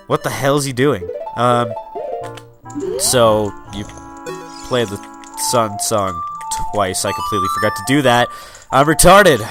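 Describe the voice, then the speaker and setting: Young guy doing let's play commentary, lots of ums and likes, faint game music under it. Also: mid-range voice. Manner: rambling, joking, many fillers. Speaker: let's player. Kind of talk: casual gameplay commentary.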